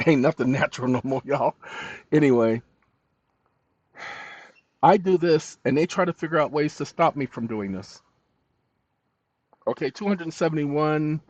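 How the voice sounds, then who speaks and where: A man's voice: on the high side, unhurried, pauses often, dry recording. Fired-up man scolding a chatbot. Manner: animated, scolding, talks to the chatbot and viewers. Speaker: channel host. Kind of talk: casual screen-recording commentary. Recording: dull dry lo-fi mic.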